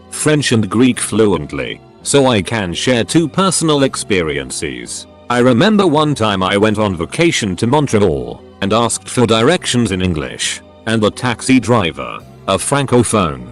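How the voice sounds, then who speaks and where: Low-voiced man narrating lively stories. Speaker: storyteller reading listener stories. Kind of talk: scripted narration.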